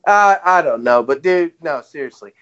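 A man's voice: a little high, animated, moderate pace, a bit bright. A man co-hosting a casual wrestling podcast, rambling, swearing and laughing as he retells what others said. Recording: dull lo-fi audio.

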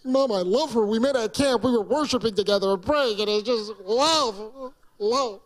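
A man's voice: extremely high pitch, normal speed, voice pushed down. A man voicing a lovestruck young husband. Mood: pleading. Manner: earnest, pleading.

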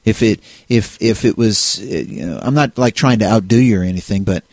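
A man's voice: on the low side, fairly quick, a little mellow, dry recording. A man co-hosting a casual discussion on faith, talking in a rambling way with many restarts and fillers. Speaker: co-host.

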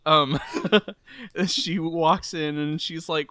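Dry, wry man with a bright crisp voice. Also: a little high, extremely slow, no room sound. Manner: dry, wry plot summarizing. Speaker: podcast co-host. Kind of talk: casual movie review chat.

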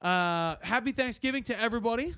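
A man's voice: very high voice, brisk, clear, resonant tone, no room sound, studio quality. A young man co-hosting a podcast, telling a rowdy bar story in a casual, profane way and acting out the people in it. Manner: animated, profane storytelling with acted-out quotes. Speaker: podcast co-host.

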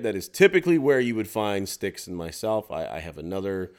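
A man with a low, smooth and resonant voice, co-hosting in easy, casual chat. He rambles a little and often restarts his sentences. He also. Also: sing-song, brisk, few pauses. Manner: chatty, rambling, frequent restarts. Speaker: co-host of a local events podcast.

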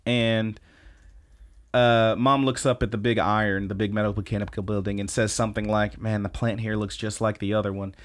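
Young guy, low voice, swears a lot recapping anime on a podcast. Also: normal speed. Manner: animated, swears often, mimics characters in high squeals. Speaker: podcast host. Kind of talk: casual chat recapping an anime.

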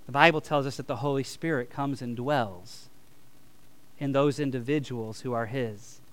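A man's voice: medium pitch, normal speed, fairly bright tone. A male pastor preaching a sermon, reading scripture aloud and leading the congregation in call-and-response with emphatic peaks.

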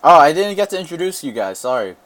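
A man in casual podcast chat, offhand and loud, introducing the others. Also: a little high, sing-song, fast, dry recording.

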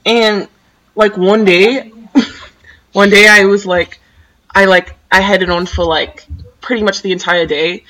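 A woman's voice: medium pitch, fairly even intonation, a little slow, long pauses, pushed and bright, rough recording. A teenage girl from San Diego, chatting as a podcast guest and rambling with lots of "like". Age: teens. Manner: rambling, says like constantly. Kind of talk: casual chat.

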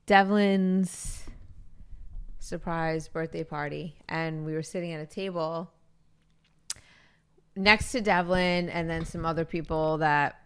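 A woman with a slightly low voice, co-hosting a casual podcast with her husband. Easygoing and self-deprecating, she tells her stories in a relaxed way. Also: slow, long pauses, clear, resonant tone. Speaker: podcast co-host. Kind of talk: casual chat.

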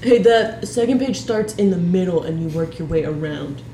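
A woman playing a tabletop game in a relaxed, slangy way. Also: lowish voice, normal speed. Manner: laid-back, slangy, says "man". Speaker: player. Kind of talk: casual tabletop play. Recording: roomy room with background noise.

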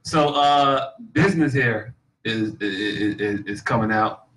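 A man's voice: lowish voice, slow, fairly bright tone, far from the mic, rough recording. A man, a guest comedian and actor, chatting casually on a podcast in a laid-back, slangy way, often repeating himself.

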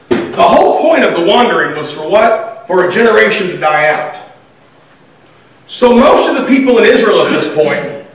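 High-voiced man preaching in an echoey hall. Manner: conversational, animated, acts out quoted voices. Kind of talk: sermon. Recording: echoey room from far off.

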